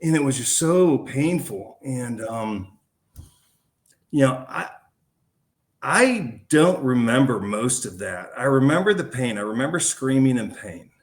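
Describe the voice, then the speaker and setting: A man's voice: medium pitch, sing-song, a little slow. Guy on a podcast telling his story, laid back and slangy, says dude and man a lot. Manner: casual and slangy, calling the host man and dude. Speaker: podcast guest. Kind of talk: recounting a personal story in a podcast interview.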